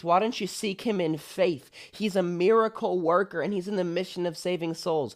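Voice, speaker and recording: A man's voice: high-pitched, fairly even intonation, moderate pace, hardly any pauses. A young adult man, a pastor, giving an enthusiastic, declaring commentary as he reacts to a worship song, repeating his points for emphasis.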